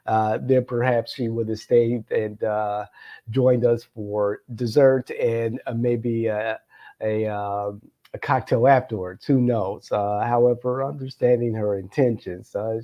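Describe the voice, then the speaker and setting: A middle-aged man spins a long personal anecdote as a show host. His talk wanders, full of pauses and small chuckles, in a somewhat low voice. The sound is dull and a little lo-fi. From Florida, United States. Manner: meandering, many filler sounds, chuckling asides. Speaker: political consultant and show host. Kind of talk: anecdotal storytelling to camera.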